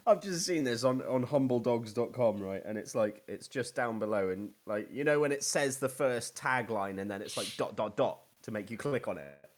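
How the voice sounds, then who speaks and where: A young man, chatting casually in an excitable, jokey way and swearing. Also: medium pitch, normal speed, few pauses. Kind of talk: casual chat.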